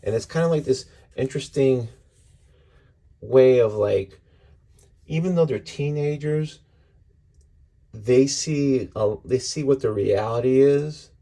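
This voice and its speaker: A man talks through comic storylines in a loose, rambling way, acting out the characters' lines in quotes. His voice is dark and mellow with a husky edge. It sounds like casual podcast chat. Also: mid-range voice, slow, long pauses. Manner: rambling, retells scenes with quoted dialogue, frequent fillers. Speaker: podcast host reviewing comics. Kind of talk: casual spoken review.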